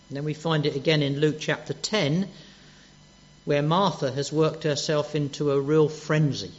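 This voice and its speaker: A man preaching a sermon, gentle and earnest, dropping soft on quoted words. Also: a little high. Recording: dull lo-fi church recording.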